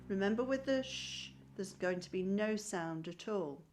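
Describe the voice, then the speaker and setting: A woman's voice: medium pitch, a little slow, very noisy. A woman teaching a primary school music lesson online, patient and encouraging, clapping and chanting rhythm syllables. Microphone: screen-shared video call.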